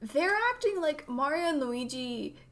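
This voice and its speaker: A woman's voice: sits high, animated, unhurried, fairly bright tone. A woman co-hosting a podcast in casual chat, rambling and searching for words. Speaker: podcast co-host.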